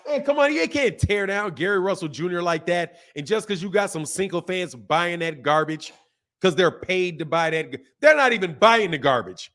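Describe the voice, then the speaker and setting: A man hosting a boxing live stream, reading viewer comments and ranting in animated, slangy talk. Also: high voice, moderate pace. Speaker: boxing channel host.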